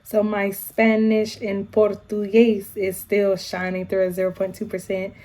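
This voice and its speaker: At home, an American woman with an African American English accent chats warmly with her viewers in a casual YouTube vlog. Her middle-range voice is mellow yet animated, sprinkled with quick asides and shout-outs.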